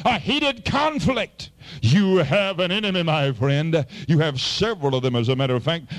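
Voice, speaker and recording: A man preaching a fervent sermon as pastor, swinging between loud appeals and low, quiet asides. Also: expressive, normal speed.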